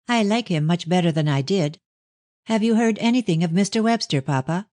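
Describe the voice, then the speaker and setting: A man's voice: sits high, a little fast, a little mellow, dry recording, voice pushed up, close to an everyday voice. A man putting on an earnest young Victorian daughter. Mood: hesitant. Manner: pleading, raised and earnest delivery. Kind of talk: audiobook reading of a novel.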